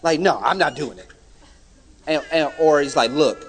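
A young man tells his own story before a church gathering, breaking into the voices of friends as he goes. His delivery is animated and heartfelt. The sound carries a long reverb from a large hall. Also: on the high side, normal speed, long pauses, husky. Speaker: church guest giving a testimony. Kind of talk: personal testimony.

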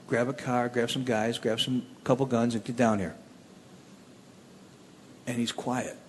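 In an unhurried manner, a man from around Cleveland recounts his testimony with plainspoken, animated storytelling and occasional restarts. His voice is middle-pitched. The roomy hall adds a long reverb tail, and faint ambience and slight background noise sit behind him.

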